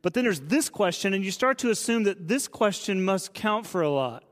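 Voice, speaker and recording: Male pastor, late 30s, chatty storytelling sermon, voice a touch high, hall reverb. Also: animated, normal speed, a bit bright. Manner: conversational storytelling, asks the audience questions.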